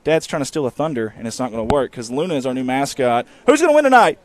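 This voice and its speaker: A man hosting a live high school football pregame show from the press box, folksy and rambling with teasing asides. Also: very animated, fast, no echo. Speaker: sports broadcast host.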